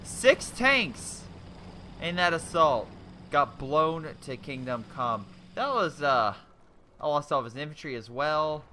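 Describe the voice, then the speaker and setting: Lively, bright-voiced young man commentating. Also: fairly high pitch, slow, a little hiss or hum. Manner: excitable, exclaiming, rambling with restarts. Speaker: game replay commentator. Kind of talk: casual game commentary.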